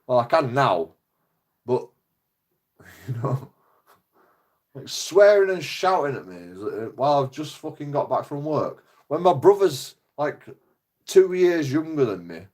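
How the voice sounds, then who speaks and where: A man's voice: medium pitch, big pitch swings, a little slow, pauses often, darkish tone. A man, ranting casually in a rambling, foul-mouthed way. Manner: rambling, heavy swearing. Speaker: vlogger. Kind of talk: casual rant.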